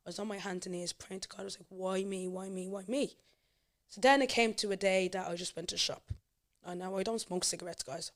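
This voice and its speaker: A woman's voice: mid-range voice, fairly quick. A young Irish woman, a podcast guest, candidly telling her personal life story with emotion.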